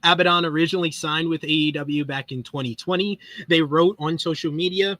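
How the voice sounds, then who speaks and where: A man's voice: on the high side, fairly even intonation, a little fast, sharp tone, no room sound. A man hosting a wrestling podcast, chatting casually over a call and reading news items in an upbeat, rambling way with stumbles and restarts. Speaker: podcast host.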